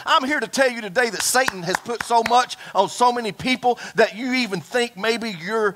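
A man preaching a fiery sermon to his congregation, folksy and animated, calling out for amens. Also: extremely high pitch, normal speed, hardly any pauses, noisy background. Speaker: pastor. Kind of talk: impassioned Pentecostal-style sermon. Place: church service before a congregation.

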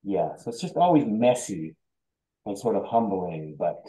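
Male participant, low and dark-toned, candid and self-reflective. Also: very animated, measured pace, rough recording. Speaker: discussion participant. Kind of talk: casual group conversation.

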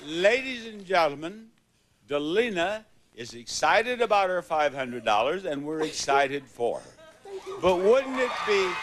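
Older male game show host, high voice, unhurried, playful; loud audience and music behind. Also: background noise. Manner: playful, teasing, drawn-out delivery. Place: TV studio with live audience.

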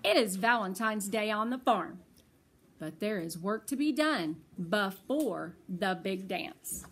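An older woman, a grandmother, reading a children's picture book aloud in a tender, expressive way. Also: medium pitch, a little hiss or hum. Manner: tender, slow and expressive storytelling.

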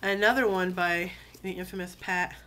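A woman who has been sick, her voice lower than usual, chatting casually with many fillers and reading poems aloud in a slow, deliberate way. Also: steady tone, bright, forceful tone, a little hiss or hum. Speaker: video blogger reading poetry.

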